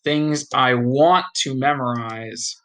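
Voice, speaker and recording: A man's voice: mid-range voice, slow pace, a bit bright, low-quality recording. A man thinks aloud, reading course notes and practising a pronunciation in a casual study session. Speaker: online study blogger.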